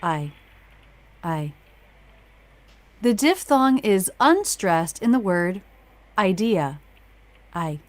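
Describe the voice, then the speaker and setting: A woman's voice: medium pitch, big pitch swings, slow pace, no echo. A woman narrating a scripted pronunciation video, explaining mouth positions step by step.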